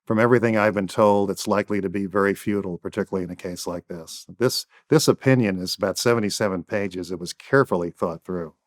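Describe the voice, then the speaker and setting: A man's voice: sits low, fast, hardly any pauses. A man speaking as a guest defense attorney in an interview, making firm points in emphatic, repeated phrases. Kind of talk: interview answers.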